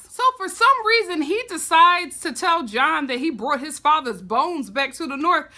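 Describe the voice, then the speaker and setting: Woman vlogger, high bright voice, animated, casual recap host. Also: moderate pace, few pauses. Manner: expressive, animated storytelling.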